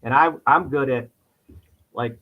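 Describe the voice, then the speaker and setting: Speaking unhurriedly at a typical male pitch, this middle-aged New Yorker rambles through a casual interview as a podcast guest, often restarting and looping back. He works as an insurance agent. The audio is muffled and lo-fi.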